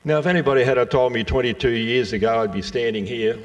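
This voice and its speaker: An older man from Western Australia, telling stories and jokes to a live audience in a slow, folksy way with asides to the crowd. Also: mid-range voice, distant mic, low-quality recording. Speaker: speaker giving a talk.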